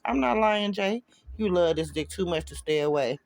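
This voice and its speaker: A man's voice: on the high side, moderate pace, no echo, close to an everyday voice. A man reading a bitter, mocking ex-girlfriend who snaps and curses on a phone call. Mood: smug. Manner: smug, snapping and cursing. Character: bitter, mocking woman, his rival's ex.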